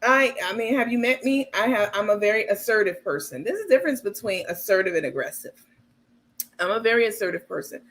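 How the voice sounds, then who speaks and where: A woman with a mid-pitched voice hosts her own livestream and comments casually on people she follows. She is blunt and outspoken and drops in a curse now and then. She often turns to her viewers to speak to them directly. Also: expressive, a little fast, a bit bright, a little hiss or hum. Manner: addresses viewers as "baby" and "you guys". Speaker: livestream host.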